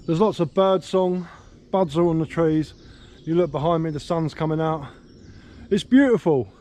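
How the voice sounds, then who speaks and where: A man's voice: on the high side, moderate pace, darkish tone. Chatty English man walking in woods. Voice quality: slight slurring from a missing tooth. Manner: chatty, rambling, easygoing. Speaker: vlogger. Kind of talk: casual outdoor vlog. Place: woodland outdoors. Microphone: handheld camera. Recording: faint outdoor noise, birdsong.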